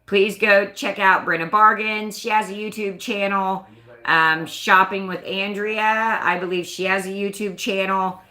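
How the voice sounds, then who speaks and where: A woman's voice: mid-range voice, steady tone, a little slow, pushed and bright, echoey room. A woman hosting a casual live stream, chatting and rambling in a self-conscious way. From United States. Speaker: livestream host.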